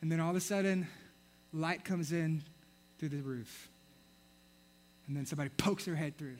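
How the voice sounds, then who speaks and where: A young man preaching a sermon, telling a story in an animated way and acting out the characters. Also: a little high, moderate pace, pauses often. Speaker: pastor.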